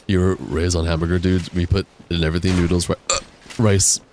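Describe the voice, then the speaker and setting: Young streamer guy, low deep voice, hiccuping, loose slangy chat reading, loud game explosions behind. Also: level tone, a little fast. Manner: slangy, reads viewer chat aloud and answers it. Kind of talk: casual live-stream chat while gaming. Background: loud game noise, artillery fire.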